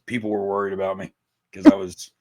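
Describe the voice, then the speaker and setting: A man talks in a loose, rambling way, swearing freely and poking fun at himself. His voice sits a little low. He chats casually on a podcast. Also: level tone, fast, a crowd in the background. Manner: rambling, profane, self-mocking. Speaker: podcast guest, musician.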